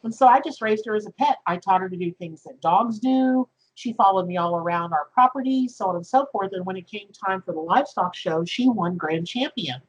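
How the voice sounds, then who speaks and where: A woman from the Deep South talks casually about her tarot deck, effusive and quick to exclaim. Her voice is husky and a little breathy. She sounds close to tears. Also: dull audio. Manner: effusive, gushing, tearful exclamations. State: tearful. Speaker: tarot deck creator and host. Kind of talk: casual emotional chat.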